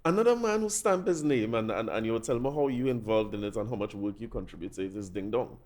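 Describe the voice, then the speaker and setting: A man hosting a podcast, asking questions in a relaxed way and affirming his guest. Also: on the low side, quick pace. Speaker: podcast host. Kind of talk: casual interview chat.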